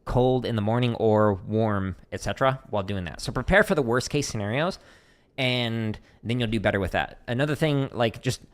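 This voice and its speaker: A man's voice: medium pitch, moderate pace. Chatty man explaining drum strokes. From Arizona, USA. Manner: relaxed, chatty, many fillers, counts strokes aloud. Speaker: drum teacher streaming Q&A. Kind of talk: casual livestream teaching.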